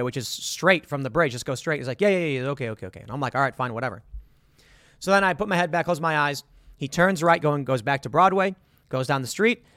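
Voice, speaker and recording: A man's voice: fairly high pitch, a bit bright, no echo, studio quality. A man hosting a show, bluntly voicing opinions and telling stories with quoted dialogue. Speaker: podcast host. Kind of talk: opinionated monologue with storytelling.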